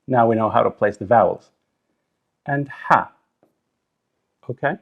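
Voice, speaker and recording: A man teaching a recorded language lesson, sounding out syllables slowly and deliberately. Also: mid-range voice, vocal fry, phone-quality sound. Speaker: Arabic teacher.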